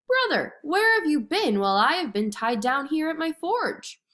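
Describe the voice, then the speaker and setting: A woman voicing a huge, hardworking male blacksmith god who speaks gruffly and earnestly, in a storybook read-aloud. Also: fairly low pitch, lively intonation, moderate pace, a bit bright.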